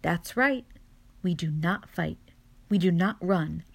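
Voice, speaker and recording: A woman's voice: lowish voice, slow pace, vocal fry, exaggerated voice. A woman reading a storybook aloud, voicing a wise and theatrical mother possum who lectures her babies. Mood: solemn.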